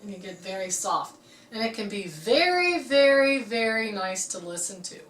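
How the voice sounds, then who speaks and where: A woman's voice: mid-range voice, sing-song, normal speed, fairly bright tone, distant mic. A woman teaching a harp lesson, explaining music terms patiently and often checking in with "okay". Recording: roomy, from off-mic.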